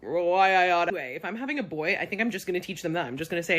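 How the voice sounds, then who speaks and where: A woman's voice: lowish voice, lively intonation, fast talker, hardly any pauses, fairly bright tone. A young woman telling a story to camera, swearing freely, ranting with exasperation. She is pregnant and nauseous. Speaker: vlogger.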